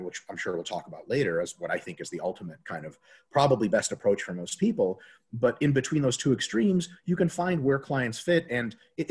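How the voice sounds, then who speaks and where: A man's voice: medium pitch, husky. A man talking casually as a diet coach, swearing freely and acting out quoted voices as he tells stories. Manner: profane, animated storytelling with quoted voices. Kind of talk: casual podcast talk.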